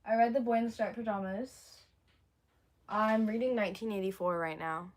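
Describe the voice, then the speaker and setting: A young woman chatting on a livestream, rambling and answering viewer comments, her voice going hoarse. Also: mid-range voice, steady tone, normal speed, darkish tone. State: losing her voice, coughing. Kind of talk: casual livestream chat.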